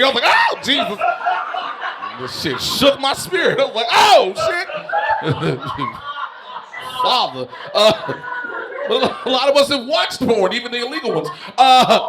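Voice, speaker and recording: Loud, profane man doing stand-up. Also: very high-pitched. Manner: loud, profane, bursts of shouting and laughter. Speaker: stand-up comedian. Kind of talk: stand-up set. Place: live comedy show in a tavern. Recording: stage mic with loud noise.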